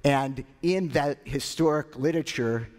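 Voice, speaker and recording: A male pastor preaching a sermon, retelling scripture with animated delivery and dramatic pauses. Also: mid-range voice, long reverb tail. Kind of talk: sermon storytelling.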